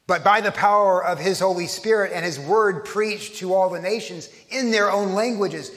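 A man's voice: sits high, moderate pace, a bit bright, big-room sound. A man from Texas, preaching a conversational sermon as pastor, often restarting his phrases.

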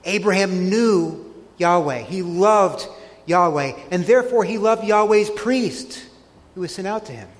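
A man's voice: sits high, animated, measured pace, long reverb tail. A man preaching a sermon, earnestly retelling scripture scenes and pressing each point with emphasis. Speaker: pastor.

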